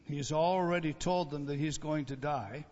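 A man preaches with theatrical swings, building up on the story and then sinking to a near-whisper for emphasis. His voice sits a little high. The sound is dull and carries a long reverb, like a big church hall. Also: moderate pace. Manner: dramatic, drops to a hushed low voice for emphasis. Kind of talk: sermon.

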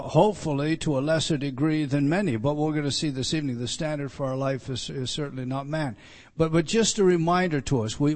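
A man preaches an evening sermon, walking his listeners through a text. He hammers points home by repeating them, with frequent restarts. His voice sits a little high for a man. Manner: emphatic, repetitive teaching with many restarts. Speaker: pastor.

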